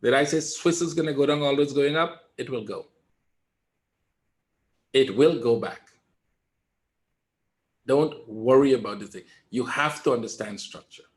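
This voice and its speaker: A man giving live trading commentary in a webinar, calm and reassuring, repeating his points and often asking "right?". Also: mid-range voice, a little slow, pauses often. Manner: emphatic, talks straight to viewers. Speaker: trader teaching a webinar.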